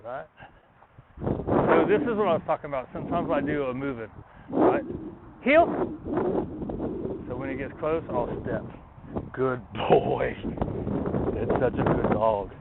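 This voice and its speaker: A man training his dog outdoors, talking himself through it in a relaxed way between short commands to the dog. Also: mid-range voice, a little slow, creaky, pauses often. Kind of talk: casual training explanation. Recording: tinny phone-like, noisy outdoors.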